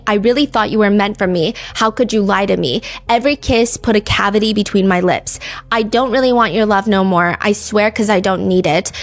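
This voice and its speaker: A woman hosting a podcast, telling a true-crime story in a casual, chatty way, full of "like" and "you know.". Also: medium pitch. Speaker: podcast host.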